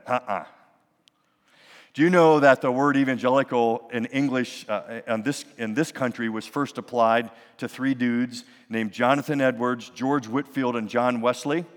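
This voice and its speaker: A male pastor preaching a sermon in a church, animated and building to emphatic peaks. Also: medium pitch, big-room sound. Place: church sanctuary.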